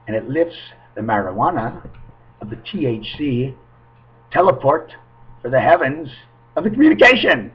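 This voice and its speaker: A man talking straight into a webcam at home, rambling from one thought to the next. His voice drops to low murmurs and then jumps to loud bursts. The webcam audio sounds dull and muffled. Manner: rambling, free-associating, swings between murmuring and loud outbursts. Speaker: webcam vlogger. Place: at home, indoors.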